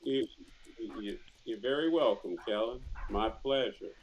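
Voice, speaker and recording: A polite rabbit-folk adventurer, played by a man who talks slowly and courteously. He pauses often and hunts for his words. The voice stays close to the player's own. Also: mid-range voice, a little hiss or hum, voice pushed down, close to an everyday voice. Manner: courteous and hesitant, many pauses.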